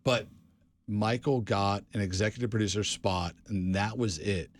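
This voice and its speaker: A podcast co-host with a fairly low voice talks at a normal speed with fairly even intonation. In a casual chat he rambles through stories, restarting often and peppering his speech with "like" and "dude."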